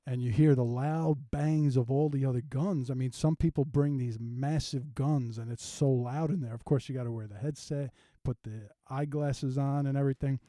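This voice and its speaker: A man co-hosts a casual comedy podcast, his voice dark and mellow. He laughs easily and recaps scenes with playful mock voices. The sound is dry and close. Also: mid-range voice, fairly even intonation, normal speed, hardly any pauses, dry recording. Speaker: podcast co-host.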